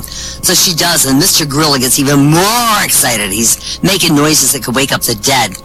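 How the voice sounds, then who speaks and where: A man's voice: mid-range voice, animated, normal speed, over music, low-quality recording. A man telling a run of comedy jokes at an online comedy show, acting out each character's lines as he goes. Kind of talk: stand-up joke telling in a voice chat room.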